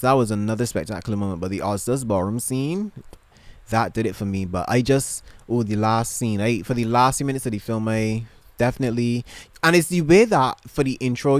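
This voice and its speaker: A man's voice: medium pitch, dry recording. A man vlogging casually from his bedroom, gushing and emotional, rambling with lots of fillers and restarts. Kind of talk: casual chat to camera.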